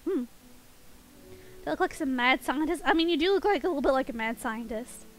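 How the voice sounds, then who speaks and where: A woman's voice: high voice, animated, brisk, poor audio. A woman streaming a game and chatting playfully with her viewers, giggling often. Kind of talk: casual game stream chat with chat.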